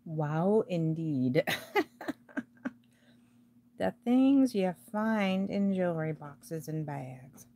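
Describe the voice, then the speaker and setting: A woman's voice: on the low side, animated, very slow, pauses often, warm tone, a little hiss or hum. A woman hosting a casual live jewelry sale, chatting to the pieces as she unpacks them and laughing often. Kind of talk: casual live-stream chat while unboxing.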